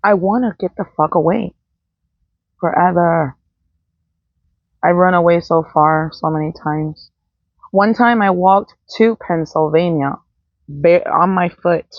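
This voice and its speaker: Gravelly-voiced woman rambling off the cuff, swearing, blunt, dry dull mic. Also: lowish voice, slow pace, long pauses, no echo. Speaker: vlogger. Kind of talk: unscripted monologue.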